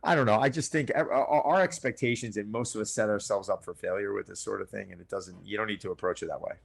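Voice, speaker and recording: A middle-aged personal trainer from Long Island, New York, talks in a casual podcast interview with an earnest, coaching manner, often acting out what his clients say. His voice is on the low side, gravelly and husky, and he speaks fast.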